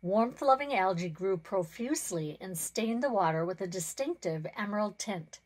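A woman's voice: medium pitch, low-quality recording. Give me a woman author reading a children's story aloud. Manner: expressive, measured storytelling.

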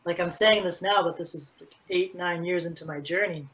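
A man's voice: high voice, brisk, low-quality recording. A man being interviewed as a fitness coach, speaking casually and with energy, and filling his talk with "like". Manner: energetic, animated storytelling with many "like"s.

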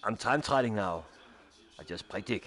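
Here is a fake-German bike racer, voiced by a man on a game stream. His voice sits low and gruff, and his put-on German accent is thick. He grumbles, swears and brags that nobody can catch him. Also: animated, normal speed, fairly bright tone. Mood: boastful. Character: blustering mock-German male pro cyclist, obsessed with time trials. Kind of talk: gaming stream role-play.

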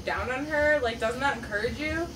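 A woman's voice: high voice, normal speed. A young woman at a house party, crude, joking and bossy in casual chat. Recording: distant voice in a noisy party crowd. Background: party crowd chatter.

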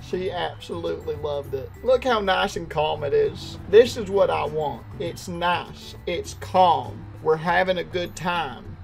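A man's voice: fairly high pitch, a little slow, vocal fry, few pauses, soft background music. A man playing a jumpy, rambling old grandpa. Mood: nostalgic. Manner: panicky, exclaiming, rambling. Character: frantic, jumpy old grandpa driving kids. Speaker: streamer. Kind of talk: live gameplay role-play.

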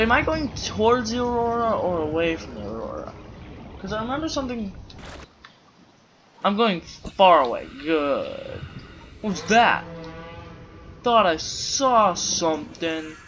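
A man's voice: high voice, a bit bright, slight background noise. A man doing goofy, rambling let's play commentary, full of silly wordplay, over game sounds. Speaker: gameplay commentator.

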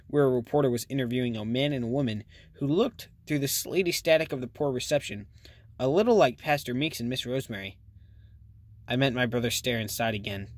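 A man's voice: medium pitch, no room sound, clean studio sound. A man narrating a first-person audiobook in a plain reading voice, with small slips and restarts.

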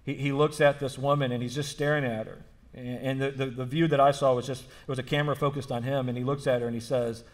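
A man's voice: medium pitch, little pitch movement, fast. A man preaching a sermon as pastor, telling a story earnestly and repeating phrases for emphasis. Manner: frequent restarts and fillers like "like".

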